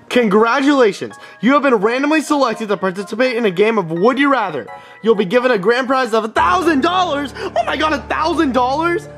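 A young man voicing a bratty, impatient young prince in a fan puppet video, with a whiny, complaining, animated manner. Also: extremely high pitch.

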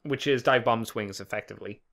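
A man's voice: medium pitch, fairly quick, vocal fry, a bit bright. A man co-hosting a casual podcast, rambling along, swearing easily and chuckling often. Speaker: podcast co-host. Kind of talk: casual chat.

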